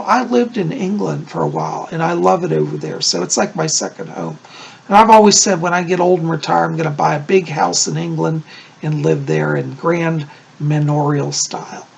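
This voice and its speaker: Gravelly, husky man with lively pitch. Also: moderate pace. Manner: chatty, reassuring, often checks in with "okay?". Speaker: psychic medium. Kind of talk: casual video reading.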